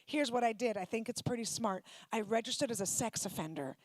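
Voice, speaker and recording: Woman stand-up comic, high voice, brash and profane crowd work. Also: brisk, noisy background. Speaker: stand-up comedian. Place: synagogue comedy night stage.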